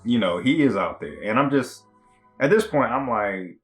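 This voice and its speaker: Over soft background music, a male TV reviewer with a mid-range voice recaps an episode at a moderate pace. He sounds lively and loose, rambling through his reactions with lots of slang and filler.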